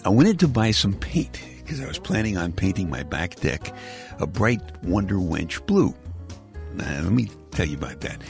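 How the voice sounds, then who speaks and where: A man's voice: low voice, vocal fry. An older man from Brooklyn, hosting a bedtime podcast and telling a folksy, rambling story with wry humor. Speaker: podcast host.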